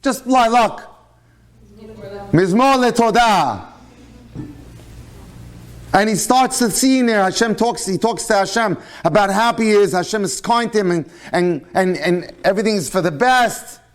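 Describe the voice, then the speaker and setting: A man's voice: sits high, measured pace, long pauses. A man, a rabbi, telling a story during a presentation and acting out the people in it, with Hebrew and Yiddish religious terms mixed into his talk. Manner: animated storyteller who acts out the people in his stories. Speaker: rabbi and lecturer.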